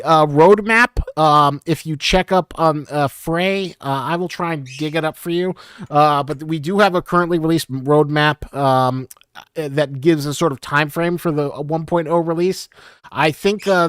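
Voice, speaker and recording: A man with a fairly high, smooth voice hosts a casual live stream, reading viewer questions aloud. He talks in a halting way, full of "uh"s and small chuckles. The sound is dry and close to the mic. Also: a bit bright, dry recording. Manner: halting, many fillers, chuckles often. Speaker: community stream host.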